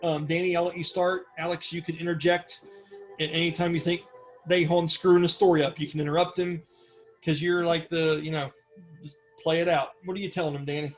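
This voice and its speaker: A man's voice: fairly high pitch, little pitch movement, a little fast, faint music behind, rough recording. A man narrating as game master, talking casually and swearing now and then. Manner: casual, swearing, voices characters.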